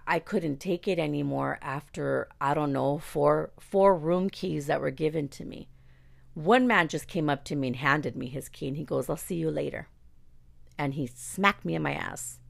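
A woman's voice: low voice, creaky. A woman telling a candid personal story about her singing career, blunt and outspoken, swearing freely. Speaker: singer recounting her career.

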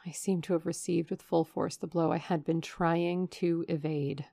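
A woman narrating a classic novel in a measured, expressive reading into a studio microphone. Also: fairly low pitch, gravelly, dry recording. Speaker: audiobook narrator. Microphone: USB studio microphone.

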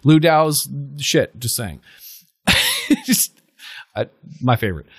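A man's voice: on the high side, wildly swooping pitch, slow pace, a bit bright, husky, no room sound, clean studio sound. A man in casual podcast chat, rambling and filling his talk with "like" and self-corrections.

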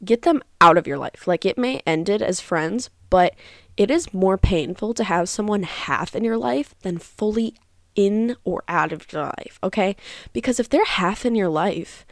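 Young woman, podcast host, casual advice talk, middle pitch, dry close sound, frank and chatty. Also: animated, measured pace, dry recording. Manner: chatty, frank, uses many fillers.

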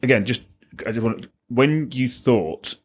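A man's voice: mid-range voice, unhurried, husky. A man hosting a podcast, asking probing questions and explaining his views in long run-on sentences. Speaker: podcast host. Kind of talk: interviewing.

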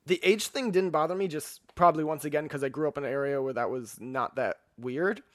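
A young man with a slightly high voice talks eagerly in a casual film discussion. He jokes around and swears freely. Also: fairly quick. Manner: enthusiastic, joking, swears freely. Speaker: podcast co-host.

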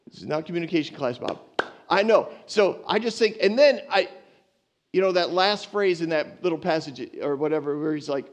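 Animated high-voiced man preaching. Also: a little fast. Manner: lively, conversational preaching with playful asides. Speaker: pastor. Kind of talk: sermon.

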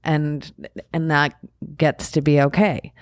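A woman from Long Island speaking slowly and reflectively as a guest in a casual conversation. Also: low-pitched, no room sound, clean studio sound. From Long Island, New York. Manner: calm, slow, reflective.

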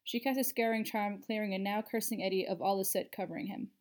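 A woman narrating a story aloud in a steady, even reading voice. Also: mid-range voice, fast talker, hardly any pauses.

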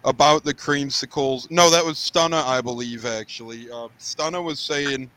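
Male podcast host, casual upbeat fan chatter, mid pitch. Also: normal speed, bright, forceful tone. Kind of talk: casual sports chat.

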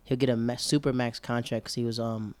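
A man's voice: mid-range voice, flat delivery, brisk, a little mellow, no echo. Rambling chatty man, dry sound. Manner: rambling, chatty, self-correcting. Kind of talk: casual chat.

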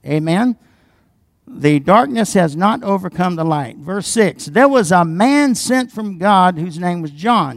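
A man preaching a sermon as pastor, dropping into quiet asides and rising loud and emphatic when he reads scripture, calling for responses from the congregation. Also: on the high side, creaky, no echo, clean studio sound.

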